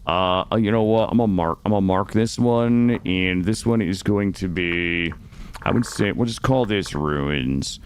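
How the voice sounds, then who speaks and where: A young man streaming a game, chatting casually with viewers, swearing often and swinging between loud remarks and muttering. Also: deep voice, a little slow, a little hiss or hum. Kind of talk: casual gameplay chat with viewers. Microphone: studio microphone.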